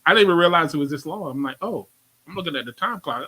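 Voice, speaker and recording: A man's voice: on the high side, lively intonation, fast, sharp tone, slightly rough, rough recording. A man with a New York accent hosting a radio interview, chatting casually in slang and repeating his phrases. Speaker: radio show host.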